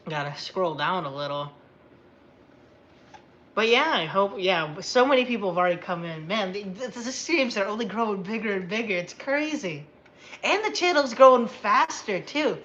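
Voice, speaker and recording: A tired woman hosting a casual livestream, chatty and rambling and quick to get excited. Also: medium pitch, highs cut off. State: tired after a long day. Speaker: livestream host.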